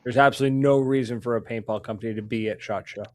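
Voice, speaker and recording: A man's voice: medium pitch, racing. A man hosting a podcast, telling stories casually, laughing often and acting out the people in them. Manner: animated storyteller who laughs often and acts out the people in his stories. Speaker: podcast host. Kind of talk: casual storytelling chat.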